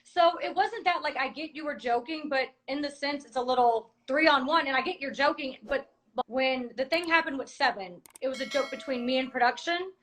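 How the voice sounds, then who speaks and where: A woman's voice: sits high, brisk, a bit bright, poor audio. A woman in a heated conversation, insistently explaining her side at length. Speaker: cast member.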